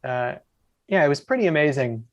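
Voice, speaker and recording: A man's voice: a little high, animated, brisk, muffled recording. A man, a podcast guest, telling enthusiastic, rambling stories full of asides in casual chat. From USA. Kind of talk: casual storytelling.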